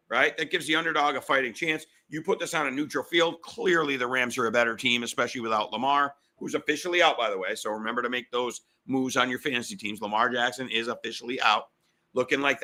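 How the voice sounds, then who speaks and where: A middle-aged man hosting a sports betting podcast, talking fast and fired up, repeating himself. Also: mid-range voice, sharp tone.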